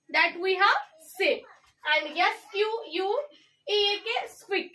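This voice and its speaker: A young woman with an Indian English accent teaches an English class, spelling each word letter by letter. Her voice sits very high and bright, and she talks at a slow, careful pace. She is heard from some distance away from the mic. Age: young adult. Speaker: student teacher.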